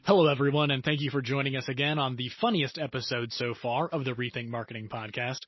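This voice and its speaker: A man's voice: medium pitch, fast, lo-fi sound. A man hosting a marketing podcast, upbeat and steering the talk with questions. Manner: upbeat, leads the discussion with questions. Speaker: podcast host. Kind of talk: casual podcast chat.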